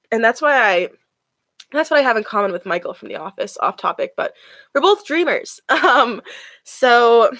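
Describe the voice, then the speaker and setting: A woman's voice: fairly high pitch, a bit bright, no echo. A woman chatting casually on a live stream as she reads tarot cards, filling her talk with "like". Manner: chatty, with many "like" fillers.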